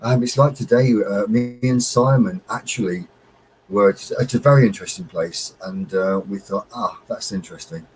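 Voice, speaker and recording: A man's voice: lowish voice, moderate pace, a little mellow, slight background noise, rough recording. A man, co-hosting a casual live chat and laughing often. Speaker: livestream co-host.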